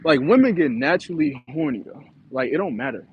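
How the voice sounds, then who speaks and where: A man's voice: medium pitch, very animated, a little fast, dull audio, slight background noise. A man with an East Coast American accent, joking around in a playful casual monologue and laughing often. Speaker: comedic vlogger.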